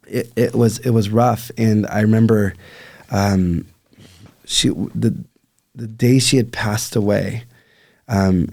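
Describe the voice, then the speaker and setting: Low-voiced man telling a painful story. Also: creaky, a little mellow. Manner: earnest, reflective, many fillers. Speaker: podcast guest, life coach. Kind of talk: emotional personal storytelling.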